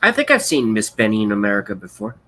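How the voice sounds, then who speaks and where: Profane ranting man, bright voice. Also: lowish voice, huge pitch swings, fast, low-quality recording. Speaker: livestream host. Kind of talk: angry political rant on a livestream.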